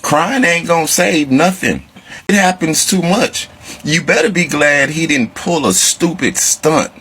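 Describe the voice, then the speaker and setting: Slow, husky man, indignant. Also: on the high side, lively intonation, a bit bright. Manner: indignant, dismissive. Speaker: social media commentator. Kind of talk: casual reaction rant.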